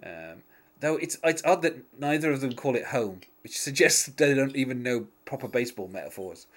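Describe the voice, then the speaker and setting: A man's voice: medium pitch, lively intonation, normal speed. A man chatting casually on a podcast, laughing often and talking with lots of fillers and restarts. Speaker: podcast host. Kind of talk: casual chat recapping a TV episode.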